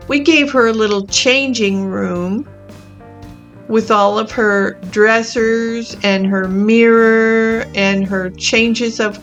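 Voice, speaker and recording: A woman hosts her own gaming video, chatting through her island build in a gentle, easily amused voice. She talks at an unhurried, drawn-out pace, and her voice sits a bit high. Soft instrumental music plays faintly behind her. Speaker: gaming channel host. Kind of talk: casual gameplay commentary.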